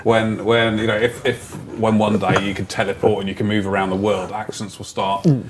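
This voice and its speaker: A man on a game developer panel, telling rambling anecdotes that trail off quietly. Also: fairly low pitch, flat delivery, fairly quick, background noise. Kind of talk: casual panel chat.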